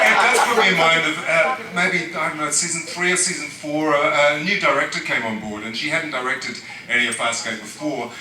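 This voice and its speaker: Australian male panelist, hesitant storyteller; sharp bright tone, far from the mic. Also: mid-range voice, slight background noise. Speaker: actor on a convention panel. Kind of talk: anecdote on a panel. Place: large convention hall. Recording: echoey hall recorded from far off.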